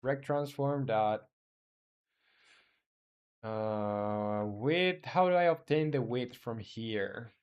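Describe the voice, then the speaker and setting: A man, not a native English speaker, live-streaming his game coding, thinking aloud in halting phrases full of fillers and muttering search terms as he reads. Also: mid-range voice, a little mellow, smooth, lo-fi sound.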